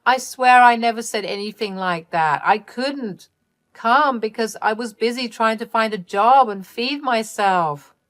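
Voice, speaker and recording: A woman voicing a selfish young woman who pleads and shouts in a shrill, frantic way in a read-aloud family drama story. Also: measured pace, no room sound, studio quality. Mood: pleading.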